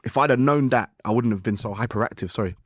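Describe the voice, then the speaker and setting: Animated man telling stories. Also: mid-range voice, fast, no room sound, studio quality. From United Kingdom. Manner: animated storytelling with slang and acted-out self-talk. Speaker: guest musician. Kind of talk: casual podcast conversation.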